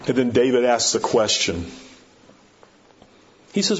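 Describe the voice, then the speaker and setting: A man's voice: medium pitch, very animated, a little slow, pauses often. A man pastor preaching a sermon, emphatic and storytelling, repeating rhetorical questions. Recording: dull lo-fi recording.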